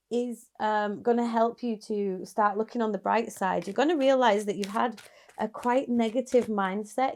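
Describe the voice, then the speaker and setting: A woman's voice: on the high side, mellow. A woman giving a casual, chatty tarot reading straight to her viewers, encouraging and sometimes laughing. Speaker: tarot reader.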